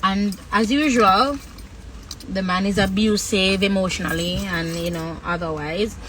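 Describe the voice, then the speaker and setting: A woman talks candidly to her livestream viewers in a bright, sharp voice. She speaks frankly, stopping and restarting, and draws out her words with long pauses. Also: mid-range voice, slight background noise, poor audio. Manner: frank, halting, drawn-out pauses. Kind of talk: candid personal talk.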